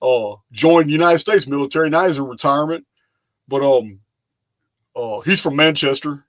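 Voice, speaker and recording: A man's voice: on the high side, moderate pace, dry recording. A man hosting a casual live chat, loose and rambling, often repeating himself as he talks. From lives in Texas. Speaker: live stream host.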